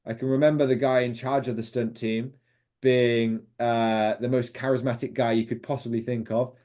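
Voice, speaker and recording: A young British man speaks as an interview guest, recounting his time as a film extra. He rambles enthusiastically, with frequent fillers and restarts, at a middle pitch. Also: flat delivery, moderate pace, a little mellow. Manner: enthusiastic, rambling, lots of fillers and quoted voices. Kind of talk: casual interview storytelling.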